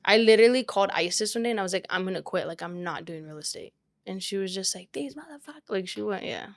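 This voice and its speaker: A woman's voice: medium pitch, quick pace. A young woman, a real estate agent, telling a story in casual chat, full of "like" and quoted speech. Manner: animated, quotes people often with "like".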